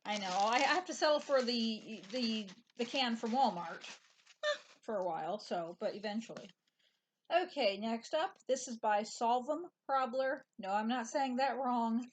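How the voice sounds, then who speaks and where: A woman's voice: a little high, a little slow, a little hiss or hum. Dry-humored woman showing her stitching. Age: adult parent. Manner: dry, matter-of-fact, with restarts and fillers. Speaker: co-host of a stitching show. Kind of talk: casual chat showing stitching projects.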